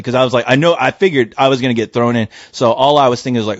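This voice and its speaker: A man's voice: medium pitch, quick pace, hardly any pauses, no room sound. A man hosting a casual podcast chat, telling a story full of swearing and acting out the voices of the people in it. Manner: profane, animated, acts out quoted voices. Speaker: podcast host. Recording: dull dry lo-fi sound.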